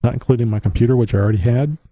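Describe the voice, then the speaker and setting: A man's voice: medium pitch, very fast, warm tone, no echo. A man with a Southern US accent hosting his own podcast, rambling on in a blunt, opinionated way and chuckling to himself. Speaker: podcast host. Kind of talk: casual rambling monologue. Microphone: home podcast mic.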